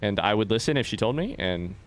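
A man's voice: lowish voice, expressive, fast. A young man doing live gameplay commentary, rambling, joking and swearing as he chats to his viewers. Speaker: let's play streamer.

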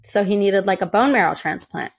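A young woman from the United States, a guest telling her own story in a chatty, lively way and acting out quoted voices. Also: mid-range voice, a little fast. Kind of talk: casual interview storytelling.

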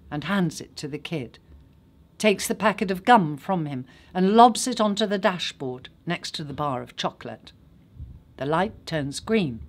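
An actress reading a literary short story aloud in a measured, unhurried way. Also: female voice, sits low.

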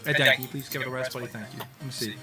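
A young man from Scotland with a softened Scottish accent, chatting casually and rambling with lots of fillers while streaming a game. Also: mid-range voice, rapid-fire, soft background music. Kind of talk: casual livestream chat while playing.

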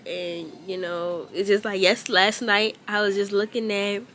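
A woman's voice: medium pitch, level tone, measured pace, a bit bright, slight background noise. A young woman, vlogging casually as a mother, rambling and emotional with many fillers. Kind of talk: casual vlog talk.

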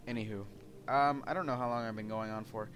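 A man's voice: medium pitch, steady tone, fast, a bit bright, a little hiss or hum. A young man from California, commenting casually on a video game, rambling with many fillers, restarts and casual swearing. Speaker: let's play host.

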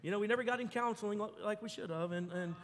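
A man preaching a sermon, telling the story with lively acted-out voices. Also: sits high, fast talker, in a large hall. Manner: animated storytelling, acts out voices. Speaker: pastor. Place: church.

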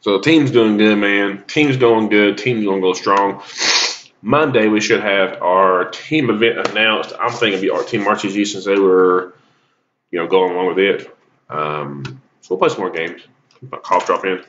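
Deep-voiced man rambling over mobile gameplay. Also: moderate pace, fairly bright tone, highs cut off, slight background noise. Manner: rambling, lots of ums, coughing and sneezing. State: sneezy with a cough. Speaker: gaming YouTuber. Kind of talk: casual gameplay commentary.

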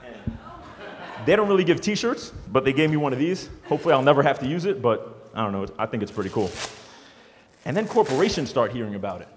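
Male motivational speaker, rapid delivery, joking storyteller, reverberant hall. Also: mid-range voice, sing-song, a little hiss or hum. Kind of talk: storytelling speech to an audience.

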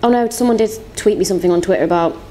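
A woman's voice: medium pitch, warm tone, slight background noise. Chatty young woman with a London accent. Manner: chatty, giggly, quick-talking. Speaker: singer and songwriter, interview guest. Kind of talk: casual interview chat.

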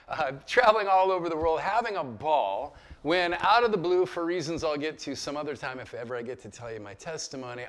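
A man's voice: mid-range voice, fairly bright tone. A man in his fifties giving an informal Bible lecture to a group, conversational and full of stories and asides. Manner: conversational and storytelling, with asides and chuckles. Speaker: pastor teaching a Bible lecture. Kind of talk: informal teaching talk to a group.

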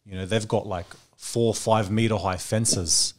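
Low-voiced rambling New man. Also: fairly even intonation, measured pace, faint music behind. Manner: rambling storyteller, many fillers. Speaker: podcast guest. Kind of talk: casual chat.

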